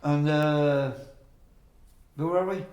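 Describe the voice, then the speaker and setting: A man's voice: a little high, steady tone, extremely slow, a little mellow, roomy sound. An older man telling a long personal story in a casual interview, acting out the voices of the people he quotes. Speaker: interview guest.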